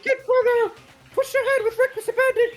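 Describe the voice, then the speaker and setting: A woman streamer reading a game's narration aloud in a playful, animated way. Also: extremely high pitch, brisk, faint music behind. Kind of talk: game narration read on stream.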